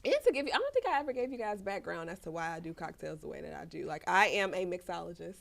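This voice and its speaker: A woman's voice: lowish voice, big pitch swings, fast, creaky. A young woman from Chicago hosting a podcast in casual chat, playful and slangy, laughing often. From Chicago, USA. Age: young adult. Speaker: podcast host.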